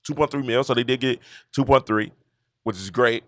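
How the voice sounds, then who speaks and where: A man from Georgia, hosting a casual sports talk stream and telling stories in an animated, repetitive way. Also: mid-range voice, brisk, dry recording, studio quality. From Georgia, USA. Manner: animated, repetitive storytelling with laughs. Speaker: show host. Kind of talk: casual commentary livestream.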